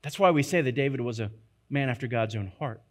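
A man's voice: mid-range voice, fast talker. A male pastor preaching a sermon, earnest and emphatic, repeating phrases to press his point.

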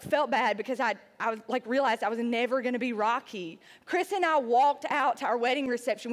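A woman tells a funny story about herself to a live audience, chatty and self-deprecating. Her voice is high. She fills it with "like" fillers. A long hall reverb trails her words. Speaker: speaker. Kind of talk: humorous personal story to an audience.

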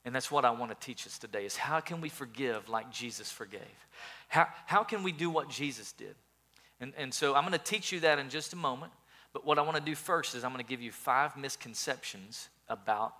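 Bright-voiced male pastor preaching. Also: on the high side, normal speed. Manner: earnest, repeats words when building a point. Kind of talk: sermon.

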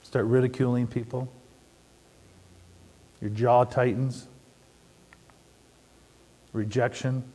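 A middle-aged man preaching a sermon, telling stories and asking the audience questions in an animated way. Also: mid-range voice, slow pace, pauses often. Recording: long hall reverb.

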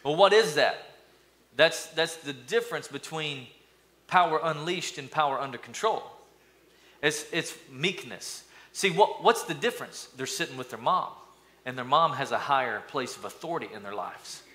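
Male pastor, upbeat sermon, bright tone, banters with congregation. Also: moderate pace. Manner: energetic, playful, calls for responses from the congregation; acts out mock voices with sudden high-pitched bursts.

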